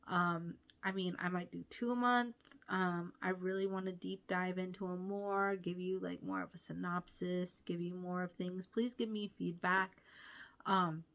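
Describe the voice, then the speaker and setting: A woman's voice: on the low side, fairly even intonation, measured pace, creaky, a bit bright. A young woman hosting a casual book review vlog, gushing and chatty with many fillers.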